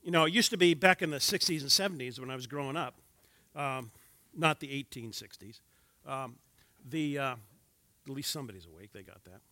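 A man's voice: medium pitch, a little fast, sharp tone, dry recording. A man in his sixties teaching a church class on marriage from slides, with wry joking asides to the audience.

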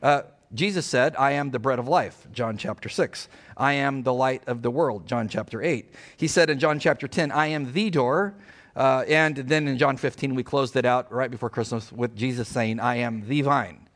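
A middle-aged man preaching a sermon as pastor, emphatic and animated, asking his congregation rhetorical questions. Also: medium pitch, moderate pace.

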